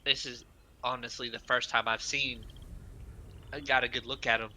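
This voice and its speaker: Hesitant man with a bright voice. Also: medium pitch, level tone, a little hiss or hum, rough recording. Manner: hesitant, halting, many fillers. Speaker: player. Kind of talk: in-character tabletop role-play.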